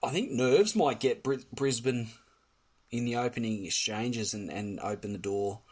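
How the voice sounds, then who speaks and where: A man co-hosting a podcast, giving a measured match prediction. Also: mid-range voice, husky. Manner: measured tipster, sharp one-liners. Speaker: podcast co-host. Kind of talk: casual sports chat.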